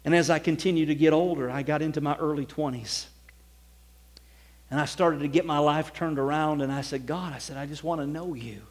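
In this sermon the preacher recounts his own testimony, his volume rising and falling from hushed to loud as he exclaims passages. His pitch is on the high side, his intonation fairly even, and his pace fairly quick.

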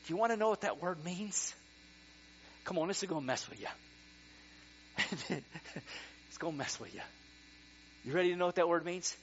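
A middle-aged male pastor preaching a sermon, animated, swinging from quiet talk to excited near-shouting. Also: high voice, moderate pace, pauses often. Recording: dull lo-fi sound with mains hum.

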